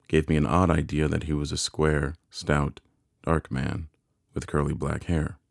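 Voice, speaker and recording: A man reads a classic novel aloud in an unusually deep, low voice with a measured, deliberate delivery. The recording is dry and close to the mic, with no room sound at all. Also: vocal fry, no echo. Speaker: audiobook narrator. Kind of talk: scripted narration of a classic novel.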